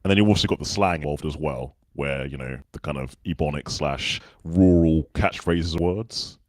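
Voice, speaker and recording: A man's voice: very deep voice, normal speed, dry recording, studio quality. A man from the UK with a well-spoken, non-regional Southern English accent, a podcast guest chatting casually and acting out the people in his stories. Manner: relaxed storyteller who acts out other people's lines. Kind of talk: casual interview chat.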